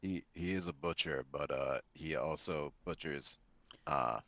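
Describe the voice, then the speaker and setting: A man with an extremely deep voice playing a tabletop game, relaxed and wordy as he lays out his plans. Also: a little slow. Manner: relaxed, explains plans at length. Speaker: player.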